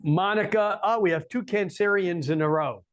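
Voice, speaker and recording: At a moderate pace and in a voice pitched a little high, a man talks astrology to a live coffeehouse crowd. His explanations are relaxed, peppered with wry jokes on the side.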